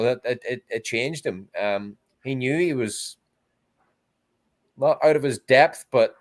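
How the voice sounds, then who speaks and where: Guy on a football podcast, stops and restarts a lot, mid-pitched voice. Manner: hesitant, halting with many restarts. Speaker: podcast co-host. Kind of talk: casual football chat.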